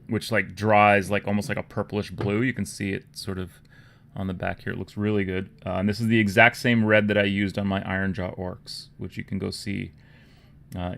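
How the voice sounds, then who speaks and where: A man from Canada with a Toronto accent, hosting a casual livestream, rambling and low-key and often trailing off into quiet murmurs. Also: creaky. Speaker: livestream host. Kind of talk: casual livestream chat while painting miniatures.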